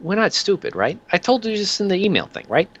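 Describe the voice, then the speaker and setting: A man's voice: sits high, big pitch swings, fairly quick, lo-fi sound, pitched above the performer's own voice, full character voice. Man putting on a chummy menacing thug. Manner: chummy, wheedling, mock-friendly threats. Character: cheerful menacing male debt-collector thug.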